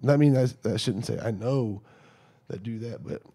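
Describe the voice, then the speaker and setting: Middle-aged man, gravelly and mellow, casual podcast storyteller who acts out the dialogue. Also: on the low side, moderate pace. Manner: animated storyteller acting out quoted dialogue.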